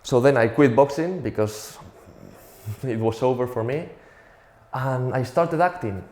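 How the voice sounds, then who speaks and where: A man's voice: medium pitch, a little slow, a little mellow, echoey room. A young man from Spain with a Spanish accent, telling a profane, self-mocking stand-up comedy routine.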